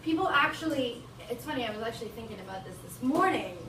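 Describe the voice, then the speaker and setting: A woman's voice: fairly high pitch, lively intonation, quick pace, a bit bright. A young woman from Bolivia doing a stand-up comedy set, rambling, crude and laughing often. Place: small venue with live audience. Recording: roomy, distant live room recording with noise.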